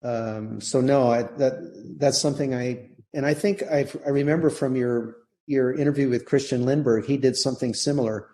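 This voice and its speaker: An older man talks with a warm, mellow tone. He reflects calmly and measuredly on his years of playing and teaching, never rushing a thought. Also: medium pitch. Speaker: guest, retired orchestral trombonist. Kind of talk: reflective podcast conversation.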